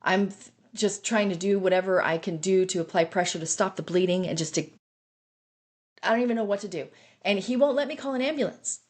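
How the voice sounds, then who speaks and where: Middle aged woman telling her own story, earnest and intense, normal pitch. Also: fairly quick. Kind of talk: personal recovery story podcast.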